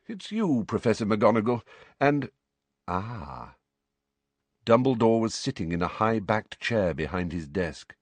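A man narrating a story in an expressive, varied scripted reading. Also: low voice, no echo. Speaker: audiobook narrator.

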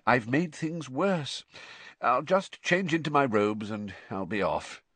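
A man's voice: mid-range voice, animated, slow pace, fairly bright tone, dry recording, pitched above the performer's own voice. A man doing Mr Weasley, a weary father. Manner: sighing, apologetic. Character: weary kindly father, anxious.

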